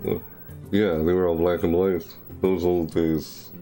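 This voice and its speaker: A man's voice: low voice, level tone, unhurried, mellow, soft background music. A young man chatting casually during a live game stream, rambling and repeating and correcting himself. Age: young adult. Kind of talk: casual live-stream chat over gameplay.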